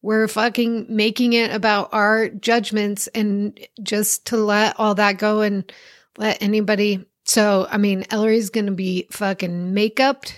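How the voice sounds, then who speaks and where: A woman's voice: mid-range voice, little pitch movement, measured pace. A woman in her thirties co-hosting a casual podcast chat, talking emphatically and heatedly and swearing often. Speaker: podcast co-host.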